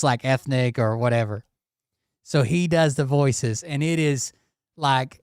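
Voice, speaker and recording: A man's voice: mid-range voice, dry recording, studio quality. A man hosting a commentary show, talking casually in a blunt, profane and sarcastic manner. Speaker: commentary channel host.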